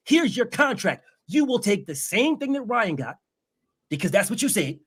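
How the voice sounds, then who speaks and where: A man doing a cocky husky champion boxer. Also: high-pitched, very animated, normal speed, full character voice. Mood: boastful, demanding. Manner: boastful, profane, dictating terms. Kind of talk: impression in a boxing debate.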